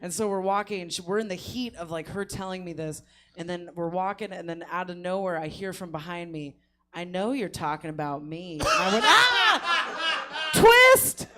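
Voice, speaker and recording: A woman's voice: on the low side, fairly even intonation, fairly quick, slight background noise. A woman telling a funny story on a comedy show, laughing often as she goes and putting on voices for the people she quotes. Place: comedy theater stage.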